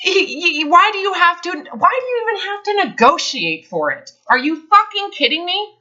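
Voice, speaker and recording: A woman's voice: extremely high pitch, big pitch swings, normal speed, bright, forceful tone. A woman health advisor in a counseling session, talking bluntly and emphatically, swearing freely. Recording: dull lo-fi recording.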